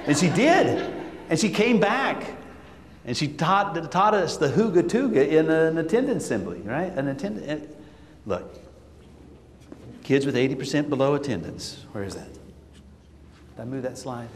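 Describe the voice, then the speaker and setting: A man giving an animated talk to educators, telling stories, acting out quotes and leading chants with his audience. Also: a little high, normal speed, pauses often, a little hiss or hum. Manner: lively, acts out quotes and leads call-and-response chants. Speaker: school administrator speaking to educators. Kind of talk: animated conference talk with storytelling. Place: large hall. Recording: echoey hall with long reverb.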